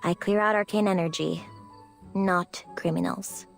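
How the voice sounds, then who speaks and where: A woman's voice: lowish voice, fairly even intonation, unhurried, gravelly, soft background music. An actress voicing a tough, detached young woman who speaks in a cool, curt way in a game. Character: tough, detached woman cleaner of arcane energy. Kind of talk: game voice acting.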